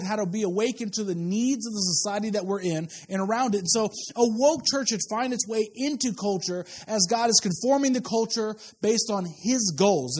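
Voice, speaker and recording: Middle-aged pastor guy preaching, kinda husky, high voice, chatty, keeps repeating himself. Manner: conversational preaching, frequent word repeats and restarts. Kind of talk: sermon. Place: church sanctuary with pews.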